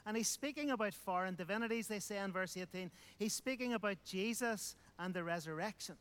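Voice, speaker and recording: A man's voice: high voice, a little fast, a bit bright, clean tone. A man preaching a sermon, emphatic, repeating phrases and asking rhetorical questions.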